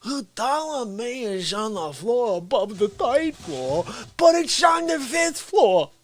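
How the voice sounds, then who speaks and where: A man's voice: very high voice, expressive, takes it slowly, pitched above the performer's own voice, full character voice. A man doing an indignant ranting guy.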